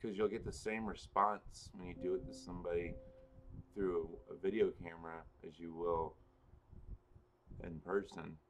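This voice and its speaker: A man's voice: deep voice, level tone, moderate pace, a little hiss or hum. A man hosting a casual spiritual livestream, rambling and correcting himself as he answers viewers in the chat. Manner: rambling, self-correcting, chuckles often. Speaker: livestream host and spiritual reader.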